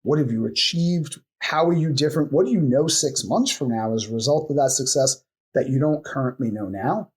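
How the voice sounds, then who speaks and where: A man's voice: mid-range voice, expressive, a little mellow, husky. A man who is a coaching expert, explaining his method in a podcast interview and reeling off strings of coaching questions. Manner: acts out client replies in quick asides.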